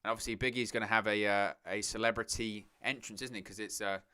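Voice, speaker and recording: A man's voice: fairly low pitch, fairly even intonation, quick pace, pushed and bright, clear, resonant tone. A man hosting a live watch-along stream, chatting casually, thinking aloud and talking to his viewers. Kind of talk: live watch-along commentary, reading chat.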